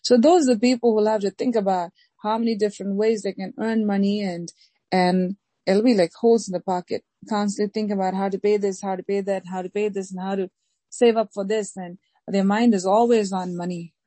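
A woman pastor preaching a sermon slowly and emphatically, repeating key phrases and reading scripture aloud. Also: mid-range voice, steady tone, mellow, dry recording, rough recording. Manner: slow, emphatic preaching with deliberate repetition.

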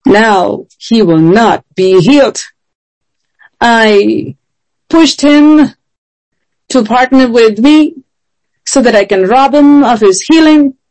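A woman's voice: on the high side, lively intonation, slow pace, long pauses, darkish tone, low-quality recording. A woman voicing a scheming male devil who boasts about his victory, inside a sermon. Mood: gloating. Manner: boastful, taunting.

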